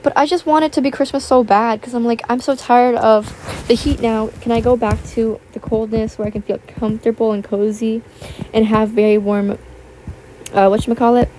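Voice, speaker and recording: A teenage girl chats away in a slightly high voice, rambling from one thought to the next with lots of fillers. She is self-conscious and apologetic, and her voice has a slight roughness to it. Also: steady tone, moderate pace, dark tone, a little hiss or hum. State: voice a little rough. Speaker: YouTuber. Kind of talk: casual chat over gameplay.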